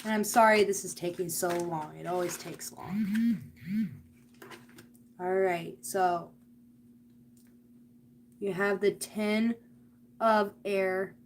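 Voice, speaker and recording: A woman's voice: mid-range voice, fairly even intonation, slow, long pauses, a little hiss or hum. A woman giving a live tarot and oracle card reading, speaking earnestly and directly to the viewer about spirit and energy.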